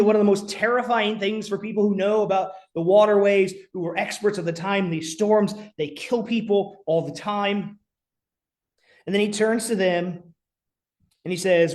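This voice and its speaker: Guy pastor preaching, kinda high voice, earnest, goes real quiet for effect sometimes. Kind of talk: sermon.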